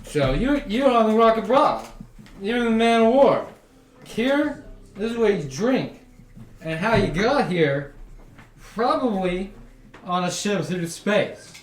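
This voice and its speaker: Man voicing a loud, bragging hippo barfly, raised voice, roomy sound. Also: high voice, big pitch swings, slow pace, far from the mic, slight background noise, voice pushed up, heavily acted. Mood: boastful. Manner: loud and swaggering. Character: boastful big male hippopotamus barfly. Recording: echoey room with music behind.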